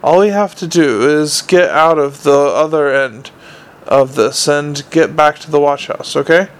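A man voicing a tough male dwarf watchman who talks briskly and urgently. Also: a little high, clean tone.

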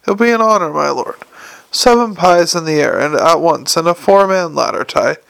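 Brief: male reader as a grand, effusive clown elder, gravelly, dry. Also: a little high, animated, normal speed, a bit bright, no room sound. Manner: effusive, ceremonious. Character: pompous male head clown, formal and effusive.

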